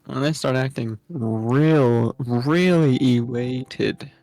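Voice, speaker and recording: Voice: medium pitch, slow, dark tone. Laughing player in casual banter. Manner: laughing, swearing, playful banter. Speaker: game player. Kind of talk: casual gaming chat.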